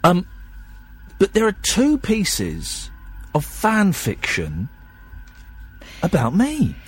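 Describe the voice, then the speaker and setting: A tired man hosts a late-night radio show, chatting and rambling with plenty of self-deprecation. His pitch swings in a lively way and his voice carries a slight husk. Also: very slow, breathy edge.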